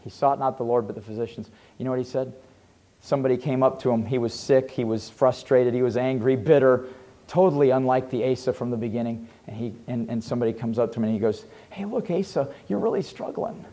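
A male pastor preaching a sermon, dropping to hushed low asides and rising to loud fervent pleading. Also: fairly even intonation, quick pace.

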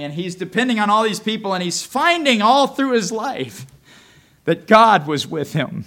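A man preaching a sermon as a pastor, telling a story in an animated, conversational way. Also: high voice, moderate pace. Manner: animated, conversational, often restarts.

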